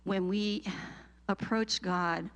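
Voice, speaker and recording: A middle-aged woman sharing an emotional personal testimony with a church group, telling it with animated feeling and laughs. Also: medium pitch, takes it slowly, dull audio.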